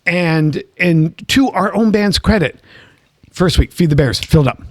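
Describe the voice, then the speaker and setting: A man co-hosting a podcast chat, spinning animated stories that come in quick bursts. His voice sits a bit high for a man, and the close microphone gives a dry sound with no room around it. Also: no room sound. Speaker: podcast co-host, former band director.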